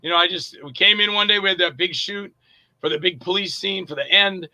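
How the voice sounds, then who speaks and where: Over a dry, poor-quality recording, a middle-aged man who acts and directs speaks briskly in a high-pitched voice. He recounts stories casually during an interview, animatedly performing quoted lines and dropping in frequent fillers.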